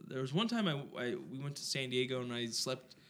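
A man's voice: medium pitch, lively intonation, fairly quick, a bit bright. A young man co-hosting a podcast in casual chat, rambling and joking with lots of fillers, a bit drunk. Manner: rambling, filler-heavy, jokey. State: tipsy. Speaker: podcast co-host.

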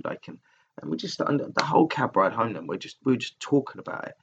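A man's voice: medium pitch, big pitch swings, fast, lo-fi sound, a little hiss or hum. A man talking candidly and casually on a solo podcast, rambling and swearing often as he restarts his sentences. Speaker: podcaster recording alone. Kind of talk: casual personal monologue. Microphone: laptop recording software.

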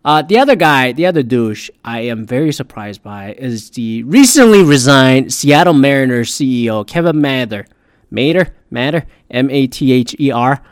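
A man's voice: medium pitch, animated, moderate pace, few pauses, clear, resonant tone, dry recording. A man ranting crudely and sarcastically, swearing constantly as he comments like a podcast host. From Pacific Northwest.

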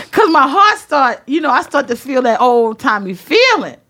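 A woman telling a comedic story in a profane, emphatic way, acting out her own yelling. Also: high-pitched. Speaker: storyteller on a talk show.

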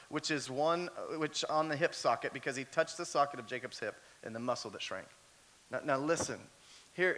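A man delivering a sermon in a high, bright and forceful voice. He tells personal stories with animated energy and often repeats words as he pushes forward. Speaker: pastor.

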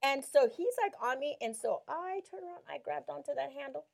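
Lively high-voiced woman telling a story. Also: fairly quick, gravelly. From Mexico. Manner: animated storyteller, acts out quotes, laughs often. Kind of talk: Christian talk show storytelling.

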